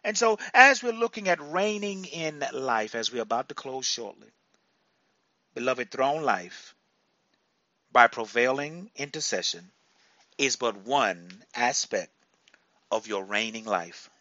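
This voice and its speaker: A male preacher delivering a sermon, repeating phrases for emphasis and breaking into sudden loud bursts. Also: mid-range voice, expressive, slow pace, long pauses, dry recording, lo-fi sound.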